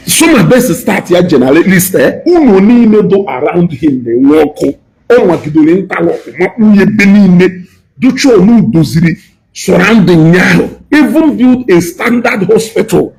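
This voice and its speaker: Igbo-accented man scolding, high-pitched. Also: poor audio. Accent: Nigerian Igbo. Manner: preachy, scolding, emphatic repetition. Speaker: speaker addressing diaspora. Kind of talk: impassioned lecture mixing Igbo and English.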